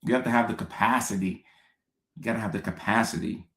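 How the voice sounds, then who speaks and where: A man with a lowish voice hosts a live question-and-answer stream as a psychiatrist, reading out viewer comments in a loose, casual way. He tends to repeat a line twice for emphasis. The sound is echoey, as if he is in a bare room. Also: fairly quick, a bit bright.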